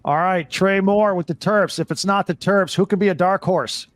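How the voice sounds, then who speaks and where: A man's voice: high-pitched, normal speed, no room sound. Upbeat man hosting a sports panel. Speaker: podcast host. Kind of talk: casual panel chat.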